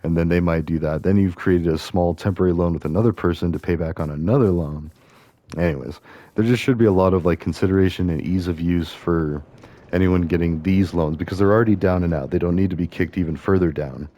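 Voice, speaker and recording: A man with a low voice talks over a video game he is playing. His tone is dark and mellow. He rambles loosely from idea to idea, thinking aloud with plenty of fillers and restarts. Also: fairly quick, dry recording. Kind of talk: casual rambling commentary over gameplay.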